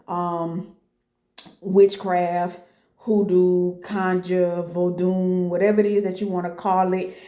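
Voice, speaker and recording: A woman's voice: fairly low pitch, dark tone, roomy sound. A woman from New Orleans with a New Orleans accent, talking bluntly and emphatically to camera, repeating her points. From New Orleans, Louisiana. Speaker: boutique owner vlogger. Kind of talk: casual talk to camera.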